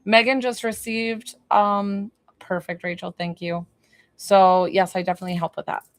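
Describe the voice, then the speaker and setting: A woman's voice: mid-range voice, little pitch movement, moderate pace, dry recording, clean studio sound. A woman hosting a live stream as a psychic medium from her basement, chatting effusively with viewers and swearing casually. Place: basement room.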